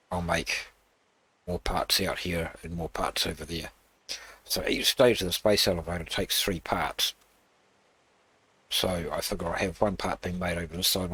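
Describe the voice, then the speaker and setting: Husky low-voiced man walking through gameplay. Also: pushed and bright, no echo. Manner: rambling, halting, with many fillers. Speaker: gaming channel host. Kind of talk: casual gameplay walkthrough.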